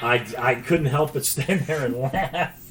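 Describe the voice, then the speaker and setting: A man's voice: mid-range voice, a little slow, fairly bright tone, soft background music. An older man co-hosting a podcast, telling rambling stories in casual chat with crude jokes and frequent laughter. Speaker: podcast co-host.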